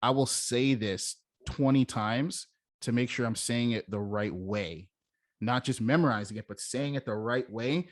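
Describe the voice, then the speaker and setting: A man's voice: mid-range voice, measured pace, no room sound, clean studio sound. A young man teaching as a sales coach in a casual, emphatic way, demonstrating how stressing different words changes meaning. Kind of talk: casual instructional talk.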